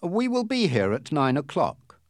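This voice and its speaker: A calm, precise gentleman traveler, as a storybook reader voices him. He speaks formally in a slightly lifted voice, with a slow, measured pace in a dry recording. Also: a little high, no room sound, pitched above the performer's own voice.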